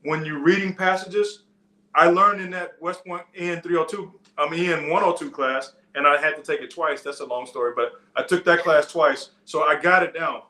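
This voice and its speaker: Bright-voiced preacher in an echoey church. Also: male voice, fairly high pitch, steady tone, normal speed. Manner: conversational, digressive teaching with restarts. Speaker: pastor. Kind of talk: sermon.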